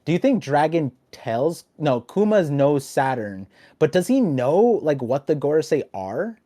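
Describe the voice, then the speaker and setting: A young adult man hosting a casual podcast chat, talking in an animated, rambling way with lots of restarts. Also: fairly high pitch, unhurried, no room sound, studio quality. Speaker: podcast host.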